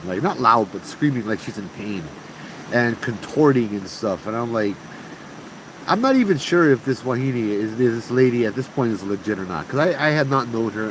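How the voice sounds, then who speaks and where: A man from Hawaii with a Hawaiian Pidgin accent, telling ghost stories in a chatty, slangy way to a group outdoors at camp. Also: medium pitch. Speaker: ghost storyteller. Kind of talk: casual ghost storytelling to a group. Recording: steady background noise hum.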